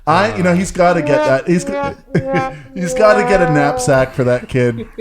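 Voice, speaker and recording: A man cohosting a casual talk show, chiming in with jokes and loud impressions of friends. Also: high-pitched, big pitch swings, unhurried. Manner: jokey, chimes in, shouts in impressions. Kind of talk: casual banter.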